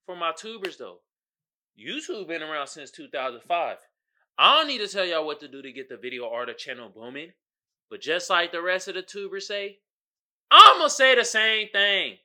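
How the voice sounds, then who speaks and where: Male solo podcast host, very bright, sharp voice, swings wide in pitch; casual slang, laughs, loud bursts. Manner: animated, laughing, breaks into loud outbursts; slangy, addresses listeners directly.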